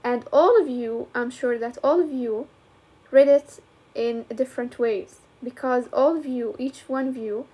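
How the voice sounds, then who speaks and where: A woman teacher walks through a lesson step by step. She talks in a fairly high voice. She moves easily between English and colloquial as she explains. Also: measured pace, dark tone, breathy edge. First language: Arabic.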